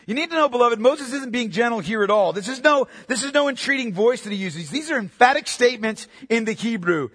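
A man preaching a sermon in an emphatic way, swinging from loud to quiet. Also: very high-pitched, expressive, brisk, slightly rough, big-room sound. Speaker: pastor.

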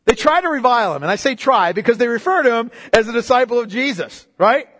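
Animated, husky-voiced male preacher. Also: very high-pitched, fast. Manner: emphatic, repeats phrases, casual asides. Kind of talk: sermon. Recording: long reverb of a hall.

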